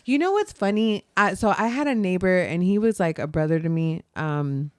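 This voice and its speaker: A young woman co-hosting a podcast, chatting casually, laughing often and dropping softer when she turns reflective. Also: on the low side, expressive, moderate pace, clear, resonant tone, no room sound, clean studio sound. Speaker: podcast co-host. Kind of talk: casual chat.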